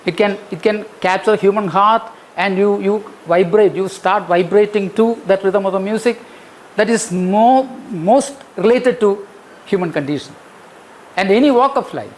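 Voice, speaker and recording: A man's voice: high voice, normal speed, a little hiss or hum, poor audio. A man giving an academic lecture, emphatic, repeating key phrases and counting out rhythms. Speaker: guest lecturer. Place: lecture hall.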